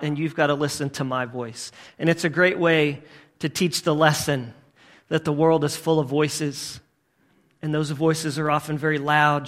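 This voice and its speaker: Delivering a sermon as a pastor, a man with a slightly high voice repeats emphatic rhetorical questions. His volume shifts from loud to hushed.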